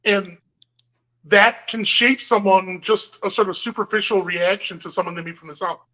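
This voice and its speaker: A speaker in casual podcast conversation, making points in a measured, analytical, deliberate way. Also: mid-range voice, steady tone, sharp tone, low-quality recording. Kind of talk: casual chat.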